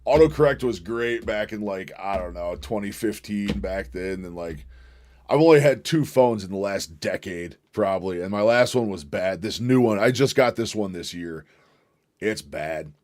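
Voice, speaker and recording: A man's voice: on the low side, lively intonation, moderate pace, a little mellow. A man with a slight Southern drawl hosting a livestream, reacting to a played video and chatting with viewers in a loose, joking way, swearing and chuckling. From northern United States. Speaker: livestream host. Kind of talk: casual livestream commentary.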